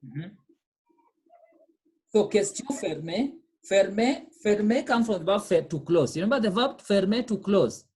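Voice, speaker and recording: A woman's voice: mid-range voice, lively intonation, measured pace, mellow, husky. Patient woman teaching French. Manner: explains patiently, repeats phrases, checks understanding with "okay?". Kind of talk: online class lesson.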